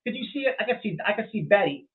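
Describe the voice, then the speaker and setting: A man's voice: sits high, expressive, very fast. Rambling man on a tinny, phone-like line. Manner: rambling, full of fillers and restarts; blunt and profane. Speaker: livestream host. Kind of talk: casual livestream commentary reading chat.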